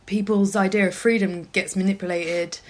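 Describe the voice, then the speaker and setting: A woman's voice: mid-range voice, steady tone, moderate pace. A woman from East Norfolk with a mild Norfolk accent, co-hosting a casual podcast and reading out news with amused asides. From England, East Norfolk. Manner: chatty, many ums and restarts, reads aloud with amused asides. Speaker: podcast co-host. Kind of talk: casual chat.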